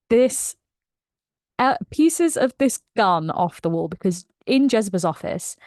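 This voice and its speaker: A woman recapping a book in a casual, animated way, laughing often as she retells it. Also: mid-range voice, dry recording. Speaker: book reviewer.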